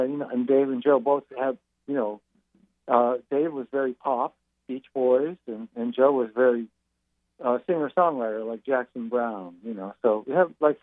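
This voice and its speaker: A man's voice: medium pitch, no room sound. Older man musician on a phone line. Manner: rambling, many fillers and restarts. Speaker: musician guest. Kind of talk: interview over the phone.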